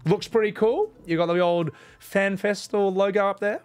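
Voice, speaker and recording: A man in a casual vlog, telling a trip story in an animated way, swearing freely. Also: sits high, normal speed. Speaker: vlogger.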